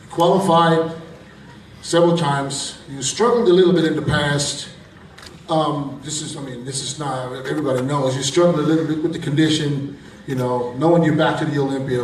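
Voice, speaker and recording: A man's voice: fairly high pitch, a little mellow, slight background noise. A male interviewer asking athletes long, probing questions at a press conference. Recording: echoey room, distant mic.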